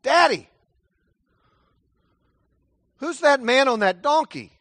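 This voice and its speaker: A man's voice: expressive, normal speed, fairly bright tone, no echo. A man doing a curious young child. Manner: eager questioning, rising pitch. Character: curious young child, wide-eyed and puzzled.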